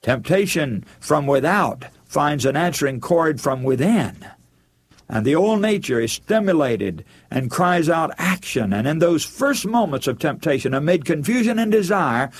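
A man preaching an earnest, measured sermon, building emphasis with rising phrases. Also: on the high side, expressive, slightly rough.

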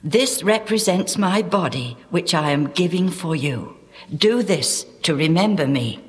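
A woman voicing a calm, gentle grown male teacher in a storybook reading, speaking in a measured way. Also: on the low side, in a large hall. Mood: teaching.

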